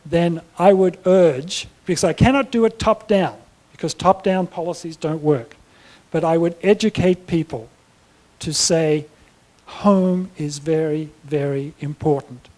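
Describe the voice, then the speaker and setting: A man giving a plenary talk at a conference, answering audience questions in a measured, explanatory way. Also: high-pitched, darkish tone. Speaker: plenary speaker. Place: conference hall.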